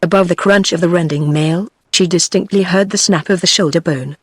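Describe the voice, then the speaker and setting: A text-to-speech voice of a woman with a British English accent, reading an audiobook in a steady, even delivery. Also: lowish voice, a little fast, breathy edge, no room sound, clean studio sound. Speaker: audiobook narrator. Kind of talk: synthetic audiobook narration.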